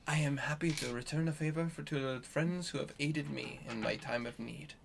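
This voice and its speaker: A man voicing a grateful male king who speaks formally and haltingly, with fillers. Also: on the high side, gravelly, slight background noise.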